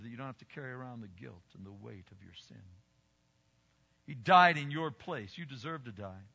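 An older man preaching a sermon as pastor, emphatic, swinging between loud exclamations and quiet asides. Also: mid-range voice, lively intonation, moderate pace, creaky, husky. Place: church sanctuary. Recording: dull recording with long hall reverb.

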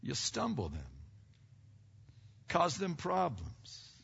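A man preaching in a church hall, his bright, husky voice carrying a long reverb. He swings between loud emphatic preaching and quiet earnest asides, often asking the congregation questions and answering them himself. The recording is dull and lo-fi. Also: a little high, huge pitch swings, slow pace. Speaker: pastor. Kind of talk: sermon.

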